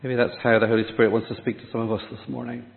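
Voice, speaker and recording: A man preaching a sermon, dramatic, dropping to a hush on key words. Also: fairly low pitch, little pitch movement, very fast. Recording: echoey hall, tinny phone-like sound.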